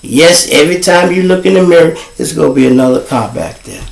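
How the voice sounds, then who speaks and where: A gravelly-voiced man, talking casually as host of his own show. He tells his stories in a lively way and gets louder when they get exciting, and the room he records in sounds echoey. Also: fairly high pitch, a little fast. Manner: animated, rising to excited shouts when telling a chase story. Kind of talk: casual street storytelling.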